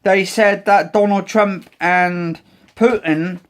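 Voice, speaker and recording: A man's voice: high-pitched, steady tone, slow pace. A man chatting casually in a vlog, rambling with many restarts. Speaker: vlogger. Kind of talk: casual chat.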